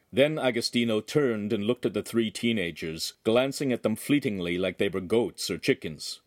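A man narrating a young adult novel in a steady storytelling reading. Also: fairly low pitch, moderate pace, hardly any pauses, no room sound, clean studio sound. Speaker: audiobook narrator. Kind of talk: scripted narration.

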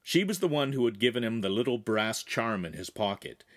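A man narrating a young adult science fiction novel in measured, even storytelling. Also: medium pitch. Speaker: audiobook reader. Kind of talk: scripted narration.

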